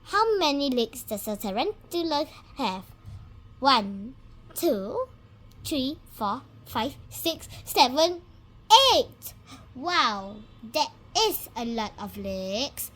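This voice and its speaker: A woman teaching young children animal names in a slow, sing-song way, spelling and repeating each word. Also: high-pitched, very animated, fairly bright tone. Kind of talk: children's vocabulary lesson.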